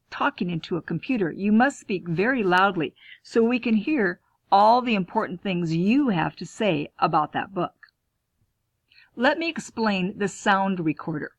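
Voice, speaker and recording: A woman school librarian teaching students, clear and instructive, posing questions and answering them herself. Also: mid-range voice, no room sound. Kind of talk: classroom lesson, talking to students.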